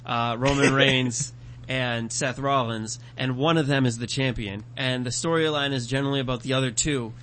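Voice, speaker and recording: A man's voice: medium pitch, fairly even intonation, normal speed, fairly bright tone, a little hiss or hum. A man in casual chat among friends, rambling and asking questions.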